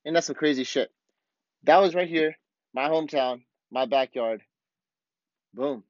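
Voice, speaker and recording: A man with a slightly raised pitch hosts his podcast in a blunt, profane, worked-up monologue. The room is dead dry and the sound is a bit muffled. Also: measured pace, no room sound. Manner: blunt, profane, fired-up ranting. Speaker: podcast host. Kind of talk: casual monologue.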